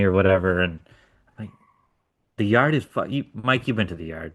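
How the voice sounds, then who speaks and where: A man's voice: low voice, moderate pace, no echo, clean studio sound. A man co-hosting a podcast, telling a story in a blunt, profane, casual way. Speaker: podcast co-host. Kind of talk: casual chat.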